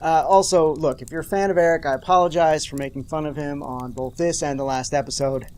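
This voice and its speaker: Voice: mid-range voice, steady tone, brisk, a little mellow, a little hiss or hum. A show host giving a comedic, sarcastic recap of a TV episode, with mock-dramatic outbursts and jokey asides to the viewers.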